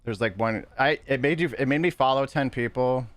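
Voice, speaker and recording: A man's voice: mid-range voice, a little fast, no room sound. A man streaming a video game, chatting casually with his viewers in a loose, rambling way that corrects itself as it goes.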